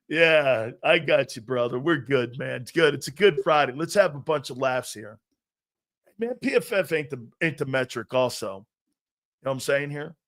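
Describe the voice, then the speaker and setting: A man hosting a live sports talk show, brash and animated, talking back to his chat and laughing at himself. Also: mid-range voice, measured pace.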